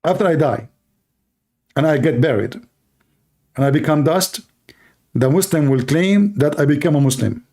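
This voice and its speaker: A man's voice: on the high side, lively intonation, moderate pace, long pauses, a little mellow. A man hosting a livestream, talking in a mocking, sarcastic monologue in broken English. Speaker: livestream host. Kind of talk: satirical monologue. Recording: livestream talk to viewers.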